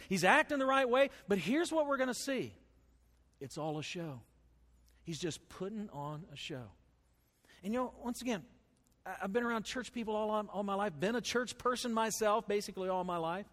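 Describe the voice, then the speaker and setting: A man preaching a sermon as pastor, folksy and animated, swinging between loud bursts and soft asides. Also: very high-pitched. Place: church sanctuary with congregation. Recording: long hall reverb.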